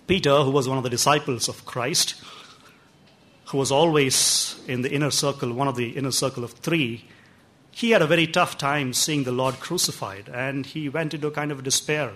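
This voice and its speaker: A middle-aged man preaching an Easter sermon in an earnest way, slowing down and dropping his voice low to stress key lines. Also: a bit bright. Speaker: pastor.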